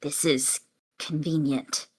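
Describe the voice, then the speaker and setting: A woman voicing a sly, suspicious adventurer who speaks in a low, hushed, conspiratorial voice. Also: level tone, takes it slowly, husky, heavily acted, low-quality recording.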